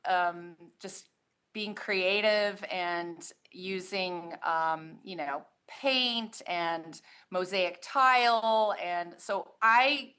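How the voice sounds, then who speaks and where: A woman's voice: on the low side, drawn-out words, bright, forceful tone, smooth. A woman who leads a labor union, giving friendly, chatty answers as a podcast guest and laughing easily. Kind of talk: casual interview answers.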